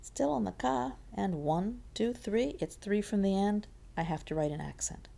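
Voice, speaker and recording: A woman's voice: medium pitch, expressive, normal speed, vocal fry, dark tone. A woman teaching a Spanish lesson, patiently repeating words to model their stress. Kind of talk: classroom lesson explanation.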